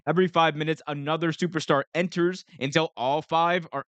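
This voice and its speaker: Energetic rambling male stream host. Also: fairly high pitch, fairly quick, dry recording. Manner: energetic and rambling, self-correcting. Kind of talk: live stream commentary.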